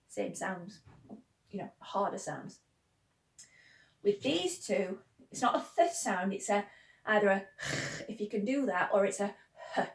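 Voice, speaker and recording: A woman's voice: mid-range voice, expressive, measured pace, far from the mic. Chatty teacher woman in an echoey room. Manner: chatty, repeats syllables in sing-song chants. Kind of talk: classroom pronunciation lesson with chants.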